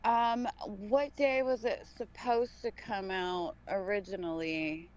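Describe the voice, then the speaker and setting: A woman's voice: medium pitch, steady tone, slow, a little mellow, dull audio. A woman co-hosting a live podcast stream, chatting casually, blunt and playful and swearing freely. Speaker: podcast co-host.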